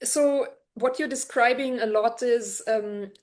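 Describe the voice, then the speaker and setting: A woman's voice: fairly high pitch, takes it slowly, a little mellow. A woman co-hosting a podcast, chatting casually and telling stories hesitantly, with many fillers. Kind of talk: casual conversational chat.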